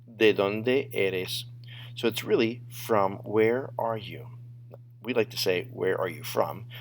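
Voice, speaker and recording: A man teaching a Spanish lesson, modeling phrases slowly and drawing them out. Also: fairly low pitch, gravelly, a little hiss or hum. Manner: animated, drawn-out modeling of phrases. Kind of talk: classroom lesson narration.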